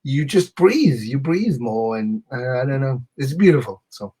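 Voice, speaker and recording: A man, a guest musician, telling animated anecdotes in a casual chat over a video call, often saying "you know". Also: medium pitch, a little slow, breathy edge.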